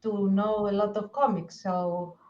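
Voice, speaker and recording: Soft-spoken accented woman, slightly muffled. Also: medium pitch, steady tone, measured pace, reverberant. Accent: non-native English accent. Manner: thoughtful, hesitant restarts. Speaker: podcast co-host. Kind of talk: casual chat. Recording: slightly dull lo-fi audio.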